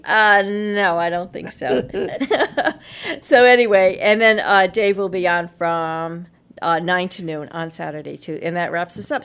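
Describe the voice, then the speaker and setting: A woman hosting a local radio show, chatting casually through event listings with lots of fillers and small laughs. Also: fairly low pitch. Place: radio studio.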